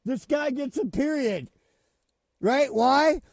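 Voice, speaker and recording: A man's voice: very high-pitched, animated, takes it slowly. A man doing reaction commentary, talking in a sarcastic, profane, ranting way.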